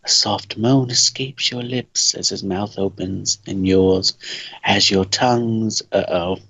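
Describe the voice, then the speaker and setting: A man's voice: on the low side, steady tone, slow pace, fairly bright tone, husky, dry recording, muffled recording. A man co-hosting a gaming video, reading story text aloud and joking between lines. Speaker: let's play co-host reading a visual novel. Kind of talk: casual gaming commentary with read-aloud lines.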